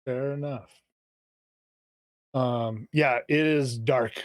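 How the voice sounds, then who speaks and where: A man's voice: medium pitch, steady tone, no room sound. A man narrating a tabletop game as game master, taking his time and stumbling over words as he feels his way through the scene. The sound is dry and close, with no room around him. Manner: halting, searching for words.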